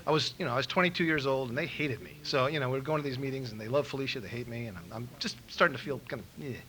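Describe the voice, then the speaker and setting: A middle-aged man from Los Angeles speaking at a recovery meeting, telling an animated story and acting out the quotes. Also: mid-range voice, racing, poor audio. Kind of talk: storytelling talk. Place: meeting room in a school.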